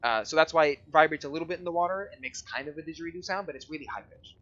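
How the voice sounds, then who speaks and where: A man's voice: fairly high pitch, racing, a bit bright, muffled recording. A man narrating a tabletop game as game master, describing scenes and rules in an explanatory way with frequent fillers.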